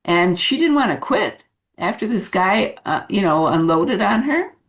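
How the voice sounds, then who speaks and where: A woman leadership coach giving advice in an unhurried talk, with many fillers and restarts. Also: medium pitch, big pitch swings.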